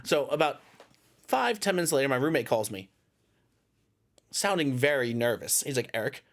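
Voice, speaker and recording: A man hosting a podcast, telling animated, laughing stories in casual chat. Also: medium pitch, normal speed. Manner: animated storyteller, laughs often. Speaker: podcast host.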